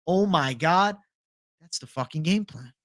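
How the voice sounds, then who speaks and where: Chatting casually and profanely on his livestream, a young male host reads out viewer comments and responds to them. His fairly high voice is animated and a bit bright, though his pace stays measured. The audio is studio quality with no room sound.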